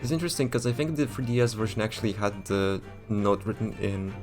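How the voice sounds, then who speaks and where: A man's voice: fairly low pitch, steady tone, quick pace. Casting: laid-back man chatting over a game, game music behind. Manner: offhand, swears, chuckles. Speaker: streamer. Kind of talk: casual let's-play commentary.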